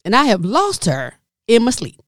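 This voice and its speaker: A woman telling a comedic story, animated and exasperated, with sudden jumps in pitch for emphasis. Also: normal speed, no echo, clean studio sound.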